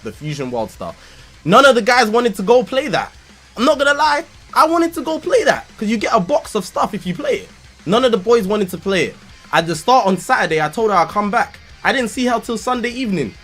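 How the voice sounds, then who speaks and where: Young london guy streaming, high bouncy voice, bright and loud, slangy and excitable, faint music behind. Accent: London English. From England. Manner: animated, slangy, breaks into loud laughter. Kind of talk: casual live-stream storytelling.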